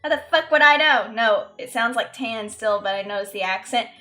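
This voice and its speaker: Bright-voiced woman streamer. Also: fairly high pitch, fairly quick, soft background music. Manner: chatty, self-mocking, swears freely. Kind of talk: casual game streaming chat.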